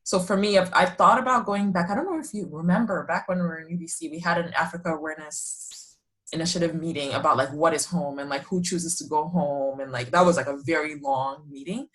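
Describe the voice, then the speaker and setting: A young woman from Nigeria hosting a casual podcast chat, chatty and quick to laugh. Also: low-pitched. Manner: laughs often, chatty and animated. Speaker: podcast host.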